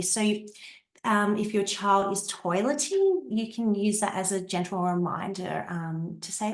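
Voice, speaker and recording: A woman explaining parenting tips in a gentle way, with many ums, and acting out warm phrases she would say to a child. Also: mid-range voice, a little slow, reverberant. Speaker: Montessori parenting guest.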